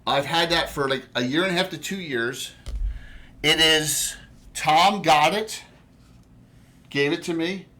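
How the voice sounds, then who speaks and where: A man's voice: a little high, unhurried, long pauses, pushed and bright. A man with a New Jersey accent running a tabletop game as game master, rambling with many restarts.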